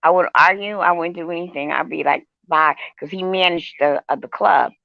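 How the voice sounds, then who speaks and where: A woman's voice: on the low side, a little fast, creaky, no echo. A woman co-hosting a casual chat show, telling brash stories with laughter. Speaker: show co-host. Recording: dull lo-fi sound.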